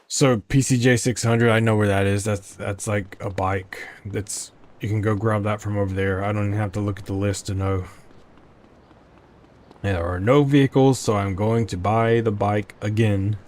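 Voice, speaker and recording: A man gives casual let's play commentary while playing a video game, rambling, chatting, and asking himself questions as he goes. His lowish voice is steady and a little mellow, at a normal speed.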